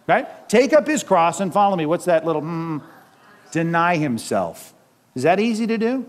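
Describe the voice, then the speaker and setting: A man's voice: sits high, sing-song, normal speed. A middle-aged man, a pastor with kids, preaching a conversational sermon full of rhetorical questions.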